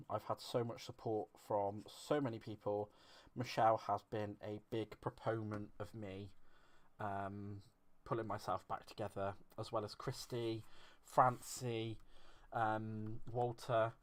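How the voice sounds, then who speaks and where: A man's voice: fairly low pitch, flat delivery, a little slow. A man hosting a crafting live stream, chatting casually and rambling, answering viewers' comments and poking fun at himself. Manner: chatty, rambling, self-deprecating, reads and answers chat. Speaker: crafting livestream host.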